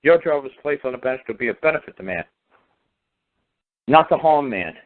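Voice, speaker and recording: An emphatic man rails on with sarcastic repetition, hammering each point again and again. His voice sits at a medium pitch and comes through a thin, tinny phone line. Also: lively intonation, normal speed. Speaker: guest speaker on law. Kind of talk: casual talk-radio conversation.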